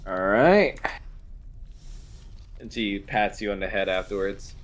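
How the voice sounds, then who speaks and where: A man narrating as game master of a tabletop game, in a relaxed way with fillers. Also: on the low side, slow pace, a little hiss or hum.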